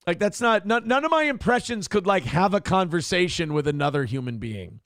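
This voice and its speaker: Animated, crude-joking male stream host. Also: high-pitched, fairly quick, hardly any pauses, dry recording, clean studio sound. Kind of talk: casual live-stream chat, reading viewer comments.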